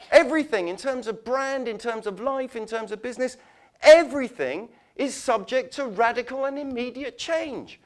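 A man giving a conference talk, telling animated anecdotes and acting out quoted voices. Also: high-pitched. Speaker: conference speaker. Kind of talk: storytelling keynote talk.

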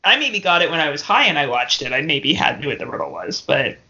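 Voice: mid-range voice, very animated, fast talker, pushed and bright. A podcast speaker chatting casually, teasing and easily amused. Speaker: podcast co-host or guest. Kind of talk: casual chat. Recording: dull lo-fi podcast audio.

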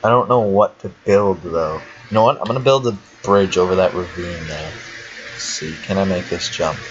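A man's voice: low-pitched, normal speed. A young man giving casual commentary while he plays a game, chatty and talking to himself, swearing now and then. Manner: chatty, swears and laughs often, talks to himself. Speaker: let's player. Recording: dull lo-fi home recording with faint hiss.

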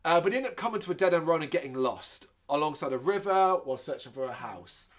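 A man co-hosting a film podcast in casual chat, lively and swearing, often acting out characters' lines. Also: on the high side, fast. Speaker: podcast co-host.

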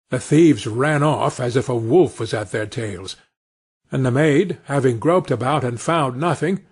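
A man reading a fairy tale aloud for English learners, very slowly and with plenty of expression. His voice is slightly husky and fairly high, and his pitch rises and falls a lot. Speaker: storyteller. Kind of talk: storybook narration for English learners.

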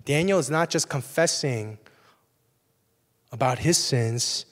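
A young man preaching a sermon as a pastor in a conversational way, often checking in with "right?". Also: a little high. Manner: conversational, frequent "right?" asides. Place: church sanctuary. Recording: long reverb of a church hall.

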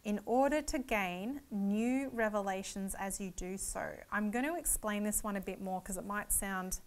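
A woman teaching a Bible lecture, her voice sitting at an ordinary middle pitch. She lays out numbered points earnestly and explains each one step by step. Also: moderate pace.

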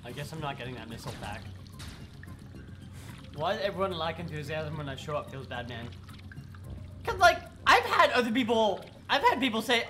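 Sick, lively male streamer. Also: a little high, moderate pace, long pauses, background noise. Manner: swears and yells at the game, chats with chat. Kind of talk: live gameplay commentary.

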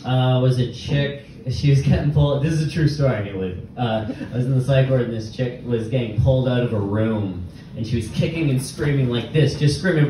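A young man doing a rambling stand-up set with halting restarts and nervous laughs before a small live audience. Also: medium pitch. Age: young adult. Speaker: stand-up comedian. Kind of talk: open-mic stand-up set. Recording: very echoey room, distant mic, faint noise.

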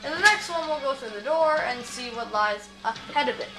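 A woman's voice: sits high, animated, a little fast. A woman giving casual, sarcastic and playful game commentary during a walkthrough. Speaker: gamer doing a walkthrough. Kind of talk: casual game commentary, reading dialogue aloud. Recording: roomy, game music behind.

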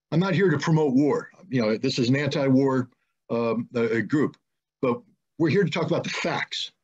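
Middle-aged man, husky, pitched a bit high, emphatic and insistent, lo-fi video call audio. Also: darkish tone. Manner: emphatic and insistent, repeats key points. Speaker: guest, former weapons inspector. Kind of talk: conversational explanation in an online discussion. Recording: muffled lo-fi online call audio.

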